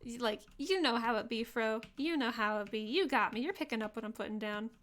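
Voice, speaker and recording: A woman's voice: on the high side, brisk, fairly bright tone. A woman streamer giving casual, playful gameplay commentary and chatting with her viewers. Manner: playful, chatty, riffing with chat.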